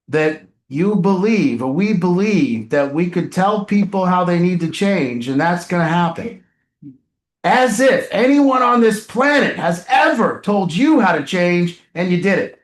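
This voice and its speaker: A man leads a recovery support group with a blunt, emphatic delivery and the occasional swear word. His voice sits high for a man. The room around him rings with echo. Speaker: addiction recovery group coach. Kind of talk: group coaching session. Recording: roomy echo.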